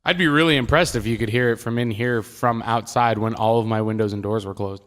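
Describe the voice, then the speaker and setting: A man's voice: mid-range voice, fairly even intonation, brisk, fairly bright tone. Dry-witted male podcast co-host. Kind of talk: casual podcast chat. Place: studio apartment. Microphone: drum mic.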